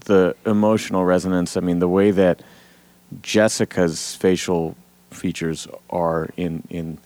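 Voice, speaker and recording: A man's voice: low-pitched, fairly even intonation, measured pace, a little mellow. A man co-hosting a comic book podcast, chatting casually and enthusiastically with frequent restarts. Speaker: podcast co-host. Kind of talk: casual chat.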